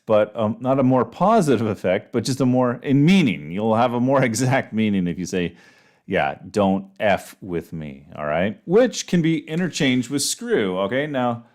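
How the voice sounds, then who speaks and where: A man teaching an English class in a relaxed, chatty way, giving slang examples with a playful tone. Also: medium pitch. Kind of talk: casual online English lesson.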